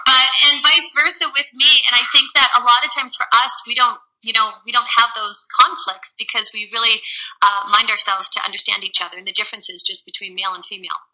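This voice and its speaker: A woman with a bright, tense-edged voice, a touch high in pitch, speaking earnestly. She co-hosts a casual live-stream chat, giving reflective relationship advice in long run-on thoughts. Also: fairly even intonation, a little fast, low-quality recording. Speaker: co-host answering relationship questions.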